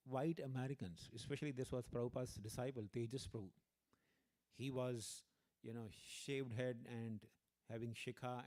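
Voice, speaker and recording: A man delivering a religious talk as a guest speaker, his pitch sitting in an ordinary middle range. He tells his stories with animation and keeps checking in with the listeners. He leans into the lines he quotes. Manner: animated storyteller, acts out quoted voices, frequent "you know". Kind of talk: storytelling religious lecture.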